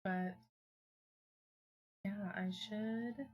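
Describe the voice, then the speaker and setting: A young woman streaming from home, chatting casually with her viewers in a rambling, filler-heavy way with excitable bursts. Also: medium pitch, drawn-out words.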